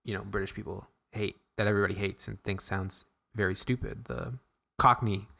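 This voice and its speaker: A man's voice: lowish voice, steady tone, brisk, creaky, pushed and bright. A man co-hosting a podcast, rambling in casual chat, restarting sentences often. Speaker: podcast co-host.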